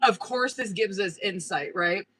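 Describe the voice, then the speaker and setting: A woman giving tarot readings on a live stream, her voice bright and forceful. She talks straight to a viewer, swearing freely and riding an excitable energy. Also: medium pitch, unhurried, rough recording. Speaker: tarot reader.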